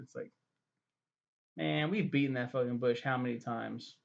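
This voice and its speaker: A man's voice: medium pitch, steady tone, fairly quick, vocal fry, lo-fi sound. A young man giving a profane, rambling, sarcastic review, full of fillers. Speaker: web series reviewer. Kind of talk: casual ranting review.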